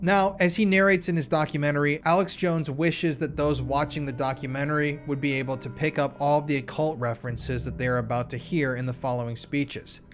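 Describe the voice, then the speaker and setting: A man's voice: fairly high pitch, steady tone, fairly quick, few pauses. A man narrating a conspiracy documentary in a casual, blunt way, with swearing.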